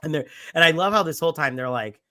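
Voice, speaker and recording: Casting note: bright, fairly high-pitched man, rowdy podcast co-host doing movie bits, dry close mic. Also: quick pace, no room sound. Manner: animated, acts out characters' lines, swears freely. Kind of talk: casual drunk movie review chat.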